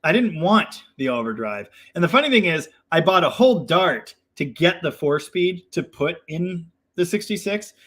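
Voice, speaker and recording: A man's voice: a little high, sing-song, moderate pace, hardly any pauses, fairly bright tone. A young man hosting a casual live chat, reading viewer comments and rambling in a self-deprecating way with lots of fillers.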